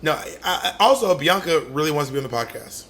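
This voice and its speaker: Podcast guy teasing his cohost, bright sharp voice, kinda high. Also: very animated, fast. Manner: teasing and playful, gives advice. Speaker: podcast co-host. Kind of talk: casual chat.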